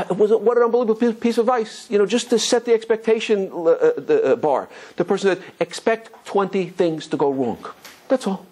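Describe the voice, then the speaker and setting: A middle-aged man, a rabbi, telling a story in a lively way, with many restarts, and putting on other people's voices. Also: sits high. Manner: animated, full of restarts, acts out kids' voices. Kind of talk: storytelling talk.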